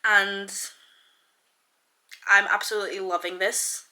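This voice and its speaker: A woman's voice: medium pitch, flat delivery, slow, pushed and bright. A young woman chatting casually in a reading vlog, gushing, with lots of filler words. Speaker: book vlogger.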